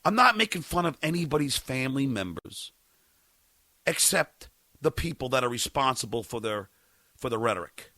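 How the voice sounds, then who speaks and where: A man's voice: mid-range voice, sing-song, moderate pace, no echo. Furious stammering man ranting. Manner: stammering, furious, profane, shouting at times. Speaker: podcast host. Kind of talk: angry on-air rant.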